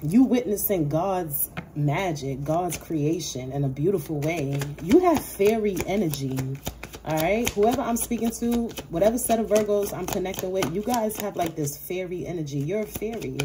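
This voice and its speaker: Low-voiced, profane woman reading tarot. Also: animated, normal speed, background noise. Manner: profane, laughing, playful hype-talk. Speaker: tarot reader. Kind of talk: casual tarot reading monologue.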